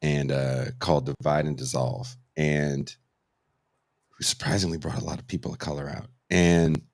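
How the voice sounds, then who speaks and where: A man's voice: rumbling low, level tone, moderate pace, darkish tone, no echo, clean studio sound. A man from the US West Coast telling a casual podcast anecdote, acting out quotes and swearing freely.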